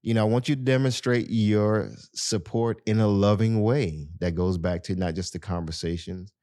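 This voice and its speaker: Man, very low voice, podcast host, casual advice, chatty with lots of fillers, dry close sound. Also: steady tone, moderate pace, dark tone, dry recording. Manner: conversational, many "you know" fillers, addresses listeners directly.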